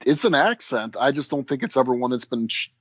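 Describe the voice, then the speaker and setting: A man's voice: mid-range voice, fairly quick, no echo. Easygoing man on a dull, dry mic. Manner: easygoing, hesitant, many restarts and fillers. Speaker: podcast co-host. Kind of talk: casual film-review chat.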